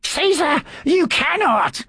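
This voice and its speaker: Man doing a high-pitched priest, pompous, solemn, slow, swooping, husky. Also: sing-song, dry recording, full character voice. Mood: protesting. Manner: high, drawn-out and complacent. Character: pompous solemn male priest, indignant when crossed. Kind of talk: audiobook character voice.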